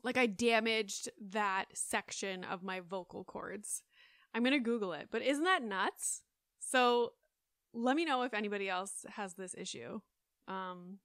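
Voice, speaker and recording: A woman's voice: fairly high pitch, fairly bright tone, no echo. A woman in her thirties hosting a solo podcast, chatting in a rambling way with lots of fillers, close on the mic. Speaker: podcast host. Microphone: close studio mic.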